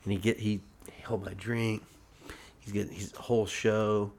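A man's voice: on the low side, moderate pace. A man hosting a casual podcast, telling stories among friends, acting out the quotes with lots of laughter. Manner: animated, acts out quotes, laughs often. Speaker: podcast host.

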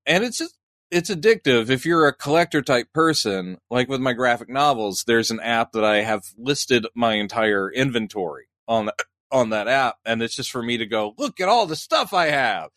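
A man's voice: mid-range voice, normal speed, a bit bright, dry recording, clean studio sound. A man in his fifties with the hiccups, co-hosting a casual podcast chat, rambling and laughing. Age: 50s. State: has the hiccups. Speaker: podcast co-host.

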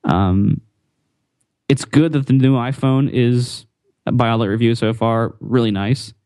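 A man's voice: mid-range voice, a little slow, a little mellow, no room sound, clean studio sound. A man hosting a casual tech podcast, rambling and often repeating words with fillers.

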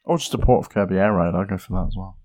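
Man, podcast co-host, laid-back, teasing, halting starts, low pitch, dry sound. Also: darkish tone, dry recording. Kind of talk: casual gaming podcast chat.

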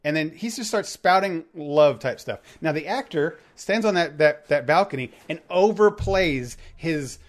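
A man chatting casually on a movie podcast, retelling a scene in a lively, rambling way with many restarts. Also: a little high, normal speed, hardly any pauses. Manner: animated storytelling, rambling with restarts.

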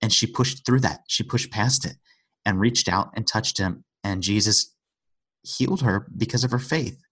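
A man's voice: lowish voice, normal speed, a bit bright, slightly rough. A man in an earnest conversational Bible discussion, retelling scripture stories and acting out the quotes.

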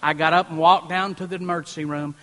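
A pastor preaching a sermon from a church platform, telling a personal story and swinging from hushed moments to loud preaching. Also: male voice, a little high, steady tone, fast. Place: church platform before a congregation. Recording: long reverb in a large hall.

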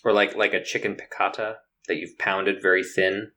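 A man's voice: low voice, level tone, moderate pace, bright, forceful tone. A man in casual podcast chat, playful and thinking aloud, stammering at times.

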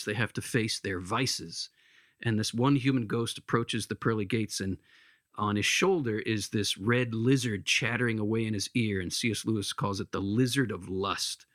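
A man's voice: lowish voice, fairly bright tone, no echo, clean studio sound. An earnest man retelling a story in conversation, with hesitant restarts. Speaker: speaker giving spiritual counsel.

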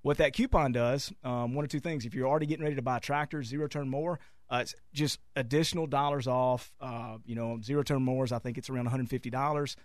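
A man, a dealer guest on a radio show, talking through a sales pitch with many halting fillers and restarts. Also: steady tone, no echo, clean studio sound. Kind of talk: casual radio interview. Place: radio studio.

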